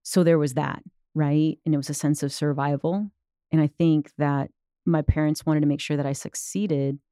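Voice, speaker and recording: A woman's voice: deep voice, fairly even intonation, moderate pace, warm tone, dry recording, clean studio sound. A woman in her thirties from the United States, telling a personal story in casual conversation with many fillers. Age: 30s. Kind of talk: casual chat.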